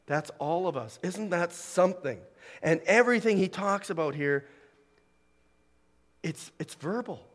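A man preaching a sermon, swinging from loud emphatic declarations to hushed, near-whispered lines. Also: high voice, lively intonation, unhurried, pauses often. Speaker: pastor. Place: church hall. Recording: long hall reverb.

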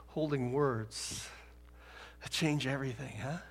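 A man preaching a sermon in a church, dramatic, dropping to a hush and rising loud. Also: mid-range voice, measured pace. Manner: dramatic, swings from hushed to loud. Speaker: pastor. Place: church sanctuary. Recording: long hall reverb.

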